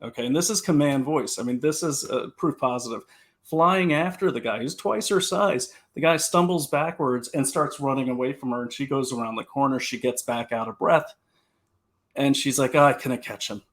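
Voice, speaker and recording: Gravelly-voiced man telling a story. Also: mid-range voice, normal speed. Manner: animated storyteller, repeats words when starting. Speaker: security consultant. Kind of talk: live-stream conversation. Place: home, talking to a computer.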